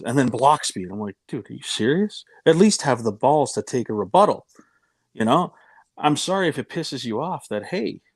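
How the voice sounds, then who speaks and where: A man in his thirties tells stories on a podcast, with jokes and quick put-on voices for the people in them. His voice sits at a middle pitch. The sound is dry and close to the mic. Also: dry recording. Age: 30s. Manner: joking, animated, acts out voices in anecdotes. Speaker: podcast co-host. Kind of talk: casual storytelling chat.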